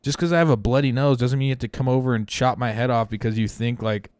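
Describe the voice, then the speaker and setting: A man co-hosting a comedy podcast who rambles through crude stories, acting out every quote with plenty of swearing. His voice sits at an ordinary middle pitch. The sound is close and dry, with no room echo. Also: fairly even intonation, fast, a little mellow, smooth. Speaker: podcast co-host. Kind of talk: casual comedic chat.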